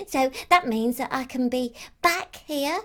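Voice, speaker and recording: Woman playing a high little christmas elf, rambly and innocent, says like and um a lot. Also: takes it slowly, fairly bright tone. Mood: rambling. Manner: rambling, childlike, full of "like" and "um". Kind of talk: character monologue to camera.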